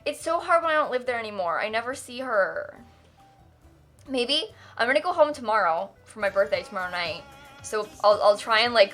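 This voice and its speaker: A woman livestreamer in casual chat, rambling and quick to laugh as she thanks viewers. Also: fairly high pitch, fairly bright tone. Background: faint music.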